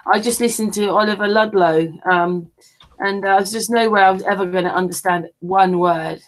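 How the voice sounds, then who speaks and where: A woman's voice: medium pitch, fairly even intonation, moderate pace, slight background noise, low-quality recording. Curious questioning woman on a call. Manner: curious, asks lots of questions, giggly. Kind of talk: casual group call chat.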